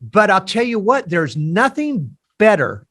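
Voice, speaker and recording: A man in his sixties hosting a podcast, telling stories in an animated way and laughing between lines. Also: high-pitched, measured pace. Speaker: podcast host and founder of a recovery nonprofit. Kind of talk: casual podcast conversation.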